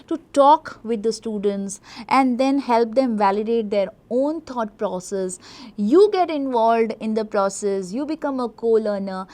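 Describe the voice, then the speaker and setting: A woman lecturing trainee teachers, explaining step by step, with frequent "you know" and repeated words for stress. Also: on the high side. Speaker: teacher educator.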